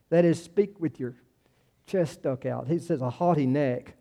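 A man's voice: a little high, a little slow, mellow. A man preaching a sermon in a conversational way, often trailing off and restarting, then rising for emphasis. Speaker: pastor.

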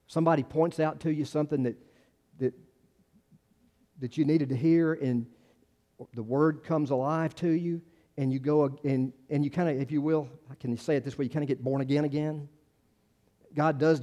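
A man's voice: fairly high pitch, mellow. Man preaching a casual, restarting sermon. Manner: conversational preaching with many restarts and acted quotes. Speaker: pastor.

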